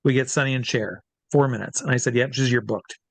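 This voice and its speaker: A man, a drag performer and hypnotist, telling a lively anecdote as an interview guest, acting out the quoted voices and swearing freely. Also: medium pitch, quick pace, vocal fry, no echo. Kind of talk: casual storytelling in an interview.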